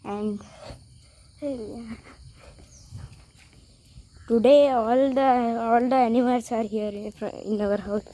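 A woman's voice: a little high, fairly even intonation, takes it slowly, pauses often, mellow, slight background noise. A woman vlogger, chatting casually to viewers and to her animals at home. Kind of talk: casual vlog narration.

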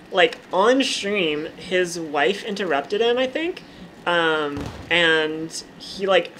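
A woman vlogger talks over her gameplay in a loose, chatty way. She leans on "like" as filler and swears freely. Her voice sits at a middle pitch for a woman. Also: slight background noise. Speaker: gaming vlogger. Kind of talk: casual commentary over gameplay.

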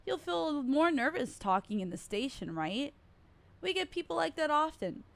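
A man's voice: very high voice, sing-song, normal speed, gravelly, a bit bright, heavily acted. A woman reading the lines of a polite, creepy young male police officer, reassuring and overly familiar.

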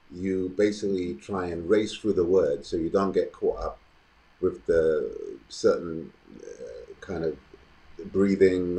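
A man with a very low, deep voice. As an interview guest, he tells his story slowly and thoughtfully. He often pauses with ums. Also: warm tone, rough recording. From London, England. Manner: thoughtful, measured, with frequent ums. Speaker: actor and guest.

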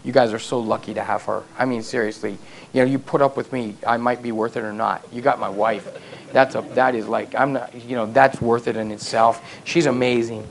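A middle-aged man preaching a sermon as pastor, telling family stories with self-deprecating humor and building to loud, emphatic peaks. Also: mid-range voice, fairly even intonation, fairly quick, vocal fry, slight background noise. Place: church sanctuary.

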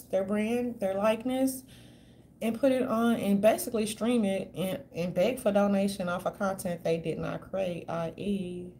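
A woman's voice: medium pitch, dark tone, a little hiss or hum. A woman commentating on a livestream, talking straight to her chat in a slangy, chatty way, laughing often and calling viewers "darlings" and "y'all.". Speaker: YouTube commentator.

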